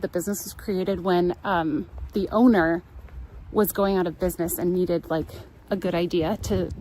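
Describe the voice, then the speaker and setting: A woman's voice: mid-range voice, darkish tone, slight background noise, low-quality recording. A woman with a Californian accent, hosting a live travel stream and telling a rambling story from inside a car, laughing often. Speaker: travel livestream host. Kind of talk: casual chat while driving.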